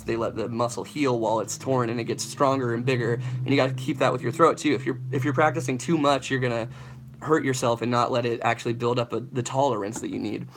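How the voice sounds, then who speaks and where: A young man, a vocalist, chatting loosely and swearing while he answers live chat questions about singing. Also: mid-range voice. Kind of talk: casual livestream Q&A.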